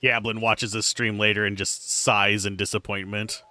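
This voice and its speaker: A man's voice: on the low side, level tone, moderate pace, bright, forceful tone, clear, resonant tone, no room sound, soft background music. A man streaming a game live, chatting casually and joking while reading game text aloud. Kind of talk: casual live gameplay commentary.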